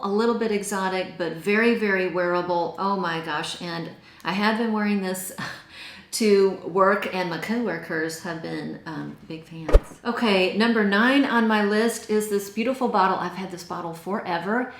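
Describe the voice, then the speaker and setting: A woman's voice: mid-range voice, moderate pace, echoey room. A woman with a Texan accent, chatting enthusiastically as she reviews perfumes. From Texas. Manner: chatty and enthusiastic, gushing over scents. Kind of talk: casual product review.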